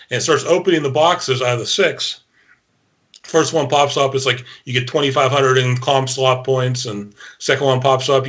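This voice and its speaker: Regular mid-voice guy, horse racing co-host, tells the story straight and quick. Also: mid-range voice, fairly bright tone. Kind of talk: casual chat.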